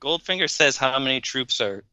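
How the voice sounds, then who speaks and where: A man with a bright, forceful voice, wry and quick to act out other people's lines. The sound is dry and a bit dull, like a close podcast mic with no room around it. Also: medium pitch, expressive, clean tone, no room sound. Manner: wry, acts out quoted lines. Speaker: podcast co-host. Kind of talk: casual film discussion.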